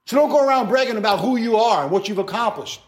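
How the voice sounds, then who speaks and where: A male pastor preaching a sermon in an animated, conversational way, with playful acted asides. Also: sits high, fast talker.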